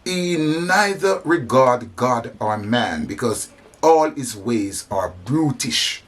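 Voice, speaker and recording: Impassioned slow-preaching man, husky voice. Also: medium pitch, animated. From African descent. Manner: impassioned, repetitive, emphatic stammering restarts. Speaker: speaker on religion and society. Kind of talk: preaching monologue.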